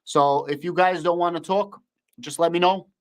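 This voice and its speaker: A man's voice: on the high side, steady tone, moderate pace. A young man with a Russian accent hosting a casual livestream, talking bluntly and repeating his thank-yous. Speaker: livestream host.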